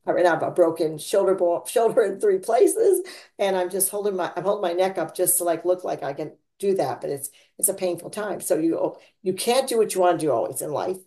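A woman's voice: expressive, fairly quick, dark tone. A woman hosting a casual faith chat, rambling and laughing, with big dramatic swings in her voice. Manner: dramatic swings in pitch and volume. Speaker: podcast host.

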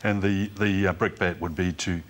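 A man's voice: low voice, steady tone, moderate pace, slight background noise. A man with a New Zealand accent speaking on a TV panel, earnest and full of small restarts. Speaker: panelist, church dean. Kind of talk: TV panel discussion. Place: TV studio.

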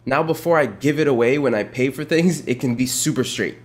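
A young man hosting a reaction commentary, mocking and deadpan in his sarcasm. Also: medium pitch, a little fast. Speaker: commentary host.

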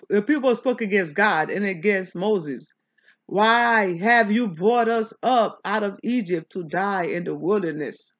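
A woman pastor reading a Bible chapter aloud and explaining it, talking back to the text in an animated preaching manner. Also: mid-range voice, muffled recording.

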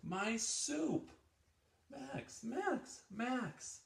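A man's voice: mid-range voice, normal speed, creaky, fairly bright tone. A man doing a fussy, theatrical duck chef. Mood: panicked shout. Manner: theatrical, mock-fancy. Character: fussy male duck chef, proud of his cooking. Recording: roomy echo.

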